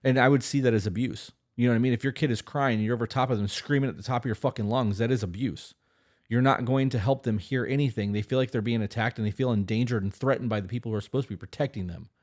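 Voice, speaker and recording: Casting note: man, podcast co-host, blunt and profane, casual advice chat, mid-pitched. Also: quick pace, darkish tone.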